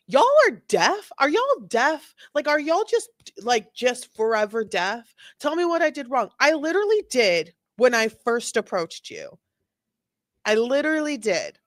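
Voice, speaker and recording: A woman's voice: high-pitched, no echo, clean studio sound. A woman giving sarcastic, joking running commentary on a video. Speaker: commentator reacting to body cam video. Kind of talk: casual reaction commentary.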